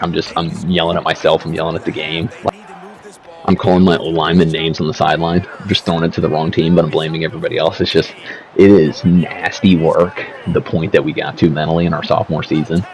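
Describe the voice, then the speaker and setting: This deep, creaky, somewhat mellow voice belongs to a man making gaming videos from a seat at home. He rambles over his gameplay in relaxed slang and swears a lot, with slight background noise and a slightly dull lo-fi mic.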